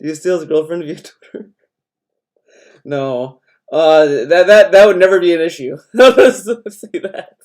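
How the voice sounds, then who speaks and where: Profane, rambling young man streamer, high voice. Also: a little slow, a little mellow. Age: young adult. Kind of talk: casual chat.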